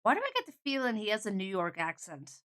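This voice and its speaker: A woman's voice: mid-range voice, huge pitch swings, fast, fairly bright tone. A woman streamer casually commenting on a game and chatting with her viewers.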